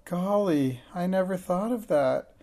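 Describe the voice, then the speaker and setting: A man's voice: a little high, normal speed, gravelly, warm tone. A man reading aloud, voicing a bold, pert young witch girl who snaps back and sighs over her troubles. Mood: worried. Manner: snappy and pert, sighing when worried.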